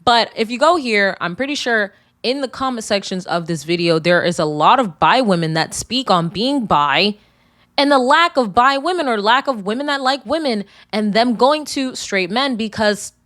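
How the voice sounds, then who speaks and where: A young woman hosting her own podcast in a casual, blunt and profane way, animated when she tells stories. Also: a little high, moderate pace, dry recording, clean studio sound. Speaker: podcast host. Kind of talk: casual solo podcast talk.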